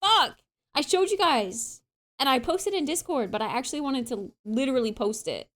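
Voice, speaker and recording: Young woman streamer, giggly casual chat, high lively voice. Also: a little fast. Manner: giggly, laughing fits while reading comments.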